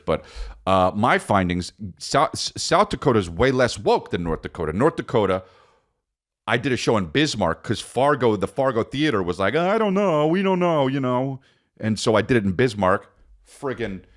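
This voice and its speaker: A man hosting a podcast as a comedian, rambling through a profane, animated comic monologue and calling the listener dude. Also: medium pitch.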